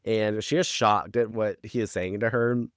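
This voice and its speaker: A man's voice: on the low side, fairly even intonation, normal speed, clear, resonant tone, no echo, studio quality. A man co-hosting a podcast, recapping a TV episode in rambling casual chat full of fillers and swearing.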